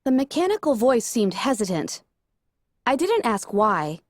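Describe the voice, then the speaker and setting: Expressive female audiobook narrator with a bright, higher pitch and animated delivery; dry, close recording. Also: measured pace, dry recording. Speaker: audiobook reader. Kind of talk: first-person story narration.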